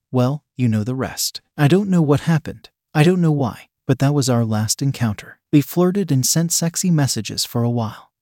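A man telling a first-person erotic story in a calm, steady, reflective storytelling manner. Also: medium pitch, no room sound, clean studio sound. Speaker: narrator.

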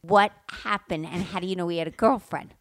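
A middle-aged woman co-hosting a casual podcast with her daughter, playful and quick to interject. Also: fairly low pitch, dry recording, clean studio sound. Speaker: podcast co-host, mother of the other host. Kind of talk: casual chat.

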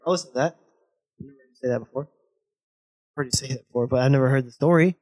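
A man's voice: medium pitch, quick pace, a little mellow, slightly rough. A young man in casual chat on a podcast, blunt and pushy, swearing freely as he argues his point. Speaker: podcast guest, host's best friend.

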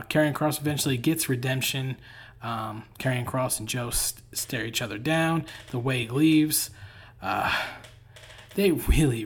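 A man hosting a solo podcast, recapping in a casual, dry and sarcastic way with lots of "uh" fillers and the odd sigh. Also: mid-range voice. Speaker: podcast host.

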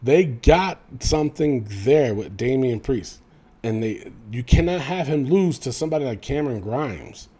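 A man hosting a solo wrestling podcast, opinionated and animated, with lots of fillers and some swearing. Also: medium pitch, unhurried, husky. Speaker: podcast host.

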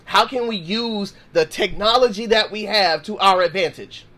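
A man's voice: high voice, normal speed, sharp tone. A man hosting a Christian podcast, teaching in a slangy, conversational way and acting out sample prayers. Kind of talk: casual Bible teaching.

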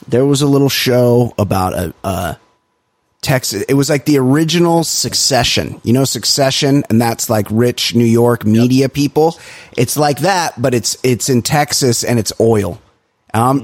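A man's voice: medium pitch, dry recording. A man co-hosting a podcast in casual chat, telling stories and ranting emphatically, with the odd swear word. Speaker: podcast co-host.

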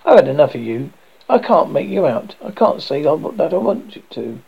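A man's voice: a little high, big pitch swings, moderate pace, vocal fry, husky, exaggerated voice. A man voicing a vain, touchy young man who answers a strange visitor with scorn and anger. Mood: indignant. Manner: indignant and scornful. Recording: dull lo-fi recording.

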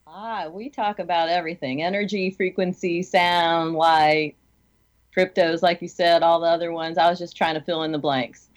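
Co-host: upbeat woman from the Midwest, a bit low-pitched, easy laugh. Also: fairly even intonation, normal speed. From American Midwest. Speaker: radio co-host. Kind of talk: casual radio chat.

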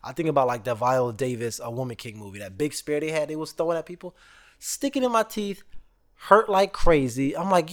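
A man's voice: a little high, a little fast. A man in his thirties hosting a podcast, telling stories in a casual, joking, slangy way. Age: 30s. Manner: animated storytelling, slangy and joking. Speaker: podcast host. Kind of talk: casual chat.

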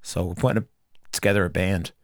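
A man's voice: low-pitched, fairly even intonation, fast, no echo, studio quality. A man in his thirties hosting a podcast, rambling and joking with friends and swearing freely. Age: 30s. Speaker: podcast host. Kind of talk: casual podcast chat.

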